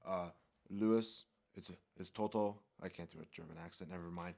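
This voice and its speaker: A man's voice: low-pitched, fairly even intonation, a little fast, creaky, mellow. A young man co-hosting a casual podcast, joking, swearing and sarcastic in loose banter. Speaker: podcast co-host. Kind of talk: casual chat.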